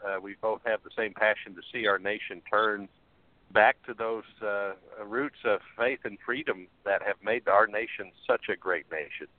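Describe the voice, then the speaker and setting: Low-voiced pastor on a faint phone line. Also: male voice, moderate pace, no echo. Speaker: pastor and caller. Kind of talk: phone-in radio call.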